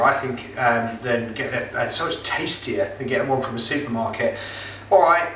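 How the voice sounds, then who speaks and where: A middle-aged man gives a casual cooking demonstration at home as a pizza kit seller and presenter, chatting, joking, and using lots of filler words. His voice is on the high side, pushed and bright, recorded with roomy echo from a mic some distance away with slight background noise.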